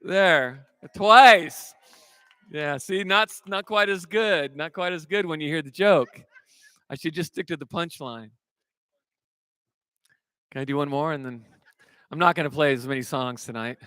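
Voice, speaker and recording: A man's voice: fairly high pitch, unhurried, pauses often, bright, forceful tone, clear, resonant tone, no echo. A man from California who is a singer-songwriter, chatting and telling self-mocking jokes between songs at a live show. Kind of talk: stage banter and joke-telling between songs.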